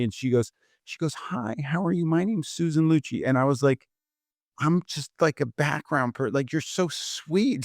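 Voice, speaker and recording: A man's voice: medium pitch, no echo, clean studio sound. A middle-aged man telling stories in a casual interview, acting out the people he quotes and using "like" a lot. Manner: animated storyteller who acts out quotes with lots of "like". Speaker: guest photographer.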